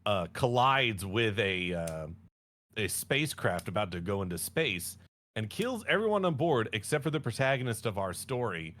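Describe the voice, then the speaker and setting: A man's voice: on the low side, very animated, moderate pace, fairly bright tone. A man co-hosting a casual chat show, rambling through a jokey summary and correcting himself as he goes. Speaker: podcast co-host.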